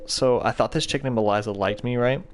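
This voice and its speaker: A man's voice: mid-range voice, a little fast. Slangy young man rambling. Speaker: podcast host. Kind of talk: casual storytelling monologue.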